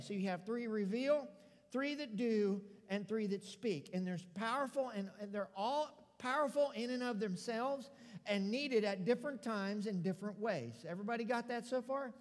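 A man preaching a sermon as pastor, calling on the congregation to respond and acting out scripture scenes in his own words. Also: very high-pitched. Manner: call-and-response preaching, dramatic paraphrase. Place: church sanctuary. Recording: long hall reverb.

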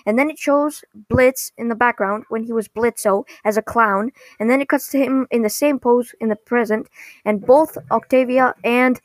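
A woman casually recapping a cartoon episode, rambling and halting, often correcting herself mid-sentence. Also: on the high side, no echo.

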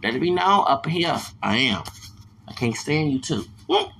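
A man with a heavily gravelly, fry-laden voice and a forceful, tense edge rants heatedly on his own podcast. He vents in circles, coming back to the same points. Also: a little high, sing-song, moderate pace, slight background noise. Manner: heated, ranting, repeats himself. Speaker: podcast host. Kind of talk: angry monologue rant.

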